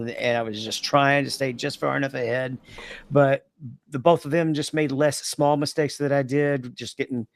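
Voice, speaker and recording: A man co-hosting a casual podcast, telling long, rambling race stories with quick asides. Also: mid-range voice, dry recording. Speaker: podcast co-host. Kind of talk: casual chat.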